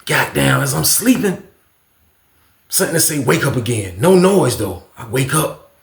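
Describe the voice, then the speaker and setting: Brief: male vlogger, gravelly, loose and profane storyteller, roomy echo. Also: a little high, sing-song, unhurried. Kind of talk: casual storytime.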